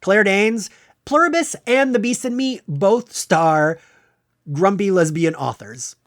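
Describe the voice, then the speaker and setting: A man hosting a podcast, counting down his favorite shows of the year in a casual, gushing, enthusiastic way. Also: slow. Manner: gushing, enthusiastic fan talk with excited jumps in pitch. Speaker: podcast host. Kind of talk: casual pop-culture countdown monologue.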